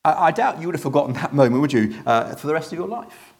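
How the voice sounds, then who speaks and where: A preacher acting out a plain churchgoer who used to doze through sermons and now recounts, half-stammering, the day a visiting teacher stunned the room. The voice sits a little high, with a gravelly edge, told as a first-person dramatic monologue within a sermon. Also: male voice, animated, fast, a little mellow. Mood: storytelling. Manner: chatty storyteller, hesitant restarts. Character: ordinary man in the congregation, a jaded sermon-dozer left amazed.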